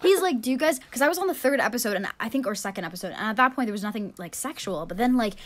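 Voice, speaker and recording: A young woman who is a university student, co-hosting a casual podcast, chatty and self-deprecating and quick to laugh. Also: on the high side, animated. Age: young adult. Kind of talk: casual chat.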